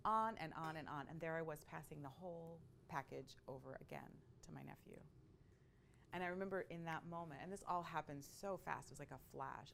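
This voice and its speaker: Woman, lower-pitched voice, personal storytelling, conversational asides, faint background noise. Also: creaky. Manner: expressive, conversational, with frequent asides. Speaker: speaker sharing a personal story.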